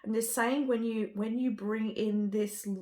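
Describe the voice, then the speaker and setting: A woman's voice: fairly high pitch, fairly even intonation, unhurried, a little mellow. A woman giving a spiritual card reading to camera. She talks with gushing enthusiasm and often trails off and restarts. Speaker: tarot card reader.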